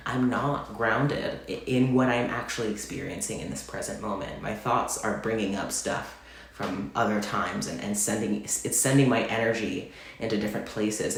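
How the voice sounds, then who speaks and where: A man in a confessional, casual vlog, speaking gently and heartfelt, rambling with many fillers. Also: fairly low pitch, gravelly, a little hiss or hum. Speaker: vlogger. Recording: very echoey room.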